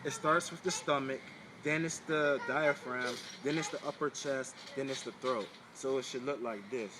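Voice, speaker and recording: This man speaks at a normal speed in a mid-range voice, with a noisy background behind him. He's a spiritual wellness teacher coaching a breathing and pelvic floor exercise in a casual video, talking straight to the viewer and going over the same instructions again and again.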